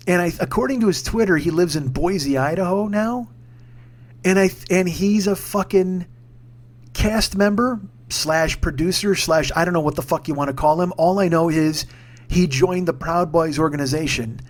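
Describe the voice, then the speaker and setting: A man delivering a casual, profane, ranting monologue full of restarts, recorded at home. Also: fairly high pitch. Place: home room with armchair.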